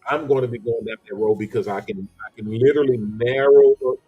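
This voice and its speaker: A man's voice: mid-range voice, brisk, breathy edge, no room sound, dull audio, faint music behind. A man hosting a livestream in a casual, rambling way, often repeating himself and greeting viewers by name. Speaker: livestream host.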